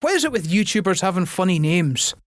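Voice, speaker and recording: A man's voice: high-pitched, sing-song, brisk, dry recording, clean studio sound. A Scottish man co-hosting a podcast, bantering crudely and laughing often. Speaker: podcast co-host. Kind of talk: casual comedic chat.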